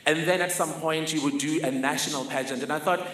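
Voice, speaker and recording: A man's voice: on the high side, fairly even intonation, a little fast, fairly bright tone. A young man telling a wry, vivid personal story on stage. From South Africa. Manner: vivid, wry, self-mocking. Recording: echoey hall, faint ambience.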